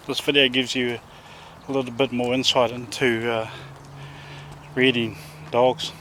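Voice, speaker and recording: Out with his dogs, a New Zealand-accented dog trainer talks casually for his outdoor vlog, now and then shouting to one of them. His voice is mid-range, with a little hiss or hum in the recording.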